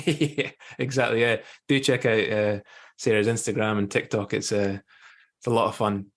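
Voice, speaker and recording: A man with a Scottish accent, hosting a podcast and asking questions in a relaxed, friendly way. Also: fairly low pitch, normal speed. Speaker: podcast host. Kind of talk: casual interview hosting.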